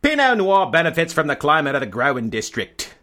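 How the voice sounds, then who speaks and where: A man's voice: on the high side, huge pitch swings, brisk, pushed and bright, pitched above the performer's own voice, exaggerated voice. A man putting on a hammy Australian label-reader. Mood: mocking. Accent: put-on Australian. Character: mock Australian man reading a wine label.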